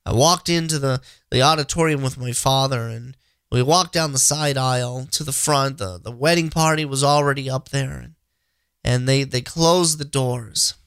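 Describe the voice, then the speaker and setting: A man's voice: medium pitch, moderate pace, fairly bright tone, clear, resonant tone, dry recording, clean studio sound. A man in his thirties hosting a faith podcast, talking earnestly and repeating himself with many restarts. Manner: earnest, repetitive, frequent restarts. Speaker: podcast host. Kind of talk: inspirational faith talk.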